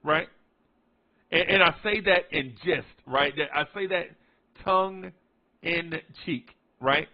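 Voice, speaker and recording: A New York tri-state sports vlogger talks loosely about his basketball team, saying things more than once and elongating important words. He speaks slowly in a fairly high voice, and the highs in the recording are cut off.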